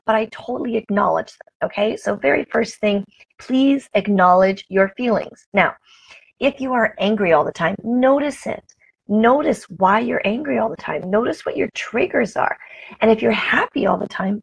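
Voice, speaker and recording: Talking directly to camera on its built-in mic, this motivational vlogger hosts a live morning chat, cheerfully greeting viewers by name. Her fairly high voice is expressive, gravelly and breathy at a normal pace, on a rough recording.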